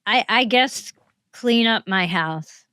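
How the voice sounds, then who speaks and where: A woman in her seventies, a talk show guest, answering questions in a thoughtful, measured storytelling way. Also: fairly high pitch, sharp tone, clear, resonant tone, no echo, studio quality. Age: 70s. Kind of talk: interview conversation.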